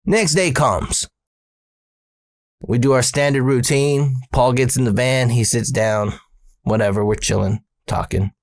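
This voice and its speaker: A man telling a comedic personal story, animated and full of profanity. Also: mid-range voice, no echo, studio quality.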